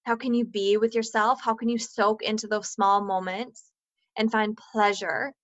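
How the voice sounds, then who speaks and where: A woman's voice: mid-range voice, level tone, normal speed, no echo, highs cut off. A woman in her thirties speaking candidly to listeners about co-parenting, earnest and full of "like" fillers, swearing freely. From Minnesota, US.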